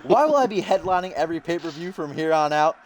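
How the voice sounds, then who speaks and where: A man voicing an arrogant, boastful wrestler cutting a promo, with a cocky, grandiose, drawn-out delivery. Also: fairly high pitch, expressive, slight background noise, voice pushed up, lightly acted.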